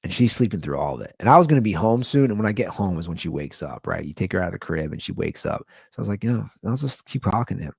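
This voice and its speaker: A man's voice: low-pitched, animated, fast talker, creaky, hardly any pauses, husky, no room sound, clean studio sound. A man hosting a podcast, telling a comic story in a rambling, loose, casually profane way. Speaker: podcast host. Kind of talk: casual comedic storytelling rant.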